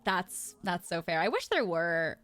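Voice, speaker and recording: A woman's voice: on the low side, very animated, unhurried, a bit bright. An American woman, a voice actor, hosting a casual interview, asking questions in a bubbly, encouraging way and giggling often. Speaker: host, voice actor.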